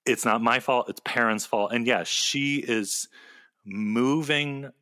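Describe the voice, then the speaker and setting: A man co-hosting a casual podcast, chatting animatedly in quick bursts and laughing often. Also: medium pitch, pushed and bright, dry recording, clean studio sound. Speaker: podcast co-host. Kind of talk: casual chat recapping a TV episode.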